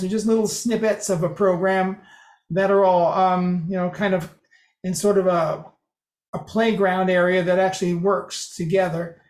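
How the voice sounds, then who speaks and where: A man with a high voice talks a group through settings in a relaxed, joking way. The room around him is roomy and echoing. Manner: chatty, dry humor, mimics phrases. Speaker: presenter demonstrating speech software. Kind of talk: casual group meeting talk. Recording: roomy echo.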